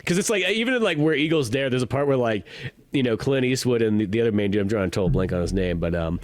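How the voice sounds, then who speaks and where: A man co-hosts a casual movie podcast, wandering through his points with restarts and fillers. He laughs often, and his voice is animated, rising and falling widely. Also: medium pitch, fast. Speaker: podcast co-host. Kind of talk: casual chat about movies.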